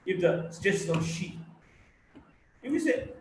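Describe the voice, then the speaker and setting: A man teaching a live online class, who speaks deliberately and demonstrates stress patterns by repeating example sentences aloud. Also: high voice, sing-song, distant mic. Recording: very echoey room with faint noise.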